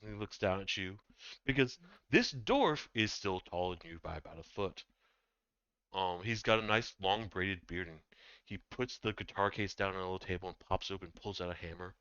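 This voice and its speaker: A man narrating as game master of a tabletop game, halting with many ums and restarts, in dull, dry lo-fi audio. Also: deep voice, expressive, fairly bright tone, clear, resonant tone, no room sound.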